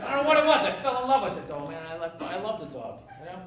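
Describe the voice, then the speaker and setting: A man's voice: sits high, sing-song, racing. A male stand-up comedian ranting in a sarcastic, profane way on stage before a laughing audience. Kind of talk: stand-up routine. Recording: echoey distant live stage recording, loud noise.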